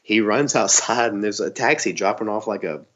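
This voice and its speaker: A man from the Southern US co-hosting a podcast, telling stories excitedly and laughing often. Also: on the low side, normal speed, highs cut off. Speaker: podcast co-host. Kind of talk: casual chat.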